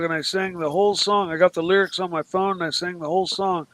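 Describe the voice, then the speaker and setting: A man on a livestream, pausing with fillers as he recounts his singing. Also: high-pitched, steady tone, fairly bright tone, dry recording. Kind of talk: casual livestream chat.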